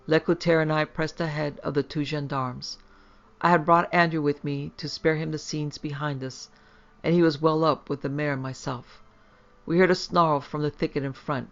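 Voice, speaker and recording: Gravelly man narrating a horror tale. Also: on the high side. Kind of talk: scripted horror story narration. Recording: dull lo-fi.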